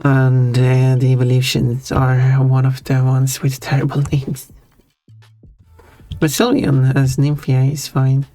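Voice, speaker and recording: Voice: mid-range voice, monotone, slow pace, mellow, no room sound. A streamer chatting casually while drawing, rambling with frequent stammers and restarts while answering chat messages. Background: faint background music.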